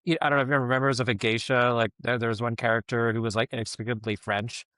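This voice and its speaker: A man's voice: mid-range voice, flat delivery, rapid-fire, a bit bright, no room sound, clean studio sound. A middle-aged man giving casual podcast commentary, rambling and filling his talk with "like, you know".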